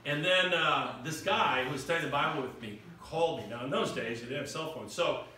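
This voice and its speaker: A man's voice: on the high side, fairly quick, bright, forceful tone. A middle-aged man preaching a sermon, telling stories with acted-out quotes and rising emphasis. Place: church hall. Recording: echoey room picked up from far off.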